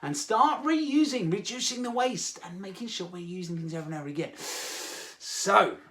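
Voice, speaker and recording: Playful English man with a high voice. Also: animated, normal speed, a bit bright. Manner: playful, jokey, many "uh" fillers. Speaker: host of a children's activity show. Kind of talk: upbeat chat to children.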